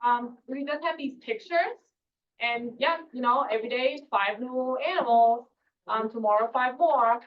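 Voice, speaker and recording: Teacher lady, kinda high voice, patient, says um a lot, muffled classroom recording from far away. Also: unhurried, echoey room. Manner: patient, repeats words for learners, many fillers. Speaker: German teacher. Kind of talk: teaching a beginner language class. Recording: distant mic, dull lo-fi classroom recording.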